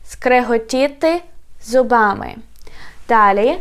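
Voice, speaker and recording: A young woman with a Ukrainian accent, whose first language is Ukrainian, teaching vocabulary in an online lesson and slowly repeating each word for learners. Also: a little high.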